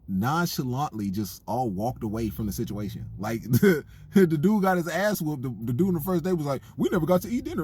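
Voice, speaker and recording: A man giving a comedic, incredulous movie review in a joking, animated way. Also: medium pitch, breathy edge.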